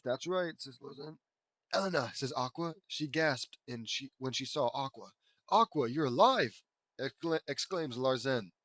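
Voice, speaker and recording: A man's voice: mid-range voice, lively intonation, unhurried, fairly bright tone, no echo. Sarcastic man reading fan fiction aloud. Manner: mocking, wry commentary between read lines; lifts voice for quoted characters.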